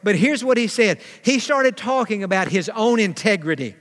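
A preacher with a high, bright voice delivers a sermon in a church sanctuary. He drags out key phrases for emphasis and acts out the people he quotes. His voice trails off into the long reverb of the hall. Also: lively intonation. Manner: preaching with dramatic slowdowns and acted-out quotes. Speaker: pastor.

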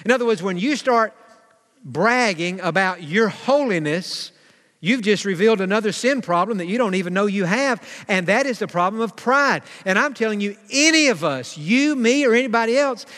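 A preacher with a high, bright voice delivers a sermon in a church sanctuary. He drags out key phrases for emphasis and acts out the people he quotes. His voice trails off into the long reverb of the hall. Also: animated. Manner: preaching with dramatic slowdowns and acted-out quotes. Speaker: pastor.

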